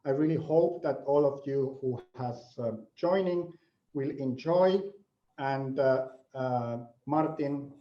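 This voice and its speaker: Brief: male host, slow and hesitant introduction, echoey dull lo-fi call audio. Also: medium pitch. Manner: halting, hesitant, with many fillers. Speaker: event host. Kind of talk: introducing a speaker.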